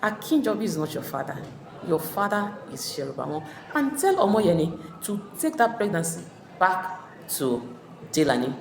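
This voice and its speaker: A woman's voice: fairly low pitch, sing-song, moderate pace, background noise. A woman voicing a banished woman who makes firm accusations, recorded in an echoey room. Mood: defiant. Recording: echoey room with long reverb.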